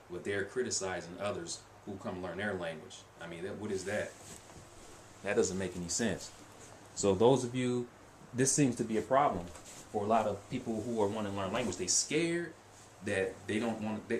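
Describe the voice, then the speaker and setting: A man vlogging about language learning in an earnest, casual way, often repeating himself and restarting his sentences. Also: sits low. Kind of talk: casual motivational talk to camera. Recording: echoey room with faint noise.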